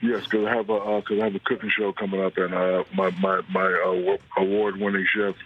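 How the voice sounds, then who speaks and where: Deep-voiced man on a tinny phone line. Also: level tone, brisk. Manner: laid-back, repeats words while finding his point. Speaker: guest on phone. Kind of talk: casual chat. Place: home kitchen.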